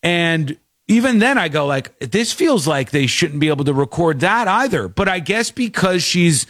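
A man's voice: a little high, big pitch swings, moderate pace, a bit bright, no echo, studio quality. A man telling a story in casual chat, acting out the people in it with shifting voices. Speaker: podcast host.

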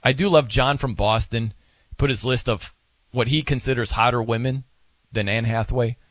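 A man's voice: medium pitch, steady tone, moderate pace, a bit bright, dry recording. A man hosting a sports radio show, chatting casually in a rambling, self-amused way. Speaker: fill-in radio host. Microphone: studio microphone.

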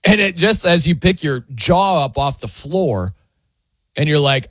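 Male sports radio host, animated storyteller with a swooping delivery, dry studio sound. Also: a little high, unhurried, no echo. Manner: animated, chatty, laughs often. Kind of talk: casual sports talk monologue.

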